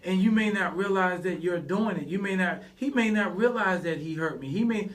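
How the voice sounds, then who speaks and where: A man's voice: sits high, normal speed, a bit bright, recorded from a distance. A man talking passionately on a radio interview, often laughing as he speaks. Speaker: guest. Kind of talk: emotional radio interview talk.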